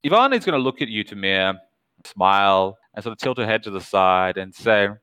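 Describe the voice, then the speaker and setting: Male game master, low and smooth, dry close sound, measured narration. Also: expressive, bright, forceful tone, no echo, poor audio. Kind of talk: narrating a tabletop horror game.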